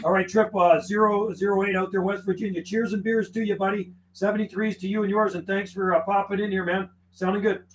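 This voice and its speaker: A man live-streaming from his home radio desk, chatting casually with viewers and calling out to other radio stations in a relaxed, friendly way. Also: high-pitched, a little fast, hardly any pauses, background noise. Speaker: CB radio livestreamer. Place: warm house indoors.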